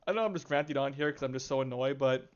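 A man's voice: mid-range voice, quick pace, muffled recording. An exasperated man ranting about a game, swearing constantly and sighing heavily. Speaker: gaming video creator. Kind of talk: profane angry rant.

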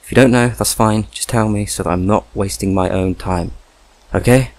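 A young British man in a comedy sketch, pleading and exasperated, swearing and yelping high in frustration. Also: normal speed, darkish tone, dry recording. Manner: exasperated, pleading, swings into high-pitched yelps; swears a lot. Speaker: sketch performer.

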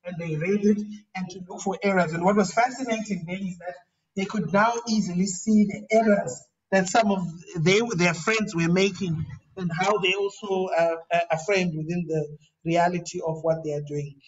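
A male professor gives a relaxed lecture on writing. His voice sits high, and he often repeats himself and restarts his phrases as he talks. The sound is dull and lo-fi, and he is set back from the mic. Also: moderate pace. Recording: dull, distant lo-fi recording.

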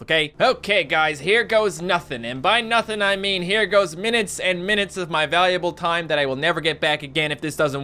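A man with an Australian accent giving casual let's-play commentary, chatty and animated, jumping to high panicked yelps. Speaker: gaming YouTuber.

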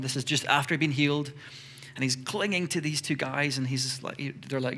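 A man's voice: mid-range voice, slightly rough. Man preaching with acted-out asides. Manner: lively, acts out little dialogues in quick voices. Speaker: pastor. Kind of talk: sermon. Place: church.

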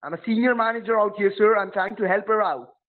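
A man's voice: high-pitched, fast. A man playing a support agent on a phone call, pushy and threatening, repeating his demands over and over. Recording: tinny phone line.

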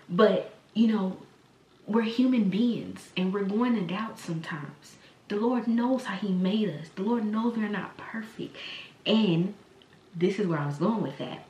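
A woman's voice: mid-range voice, darkish tone, recorded from a distance, a little hiss or hum. A woman hosting a faith podcast, preaching in a rambling, conversational way with many fillers and restarts. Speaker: podcast host. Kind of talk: casual spoken sermon. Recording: echoey room, voice from the mic, faint ambience.

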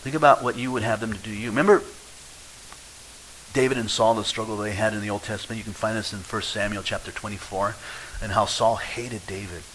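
A male pastor preaching a sermon, lively and acting out quoted voices, swinging between loud and quiet. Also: lowish voice, brisk, slight background noise, rough recording.

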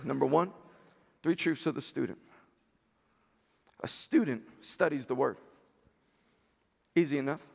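Guy preaching in a big chapel, high gravelly voice, gets loud and fired up, lots of reverb. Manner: impassioned, rising to shouts. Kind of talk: chapel sermon. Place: large chapel hall. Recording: long hall reverb.

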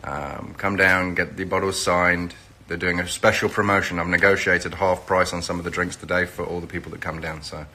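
A man's voice: low voice, fairly even intonation, fairly quick, pushed and bright. A middle-aged Englishman, chatting casually on a phone live stream, greeting viewers by where they are and promoting an event. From England. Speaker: reality TV personality hosting a live stream.

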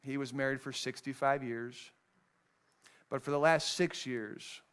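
A man, a pastor, preaching a sermon, moving between raised, emphatic lines and hushed, low passages as he reads scripture. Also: fairly even intonation, a little slow, smooth. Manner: reads scripture in old-fashioned wording.

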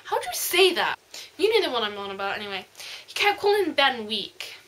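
A woman reviewing a book in a casual vlog, gushing and rambling excitedly. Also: on the high side, a little fast, noisy background.

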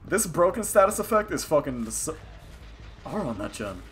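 A young man giving excited, profane live commentary while playing a video game and talking at his opponents. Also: a little high, normal speed. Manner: hyped, profane, talks to opponents on screen. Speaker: gaming streamer. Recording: game music behind the voice.

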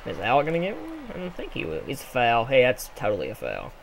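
A young man casually commenting on a sports video game he is playing, rambling and excitable with sudden yells. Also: medium pitch, quick pace, gravelly, slight background noise. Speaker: gameplay commentator. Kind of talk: casual let's play commentary.

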